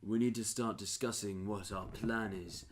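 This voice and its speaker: A man's voice: fairly low pitch, steady tone, normal speed. A man in a tabletop role-play game, speaking formally and piously as a priest character. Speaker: player voicing a priest character.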